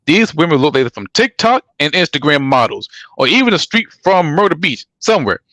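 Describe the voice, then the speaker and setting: Animated, rambling male podcast co-host. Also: a little high, brisk, no room sound. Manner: animated, rambling, profane, restarts often. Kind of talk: casual chat about pro wrestling.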